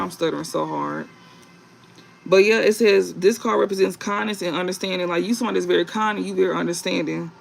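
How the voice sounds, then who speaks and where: A man giving a casual tarot reading to viewers, rambling and halting with many fillers and restarts, and reading card meanings aloud. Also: sits high, gravelly, slight background noise, rough recording. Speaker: tarot reader.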